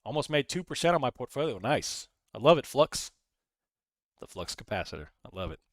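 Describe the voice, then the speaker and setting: A man's voice: medium pitch, big pitch swings, a little fast, no room sound. A man hosting a casual live stream, rambling, reading chat messages aloud and talking through his trades. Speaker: livestream host.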